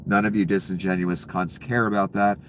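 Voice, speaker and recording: A man's voice: low voice, level tone, fairly quick, a bit bright, slight background noise. A man ranting about politics, heated and sarcastic, with frequent profanity. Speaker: political commentator. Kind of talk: angry political rant.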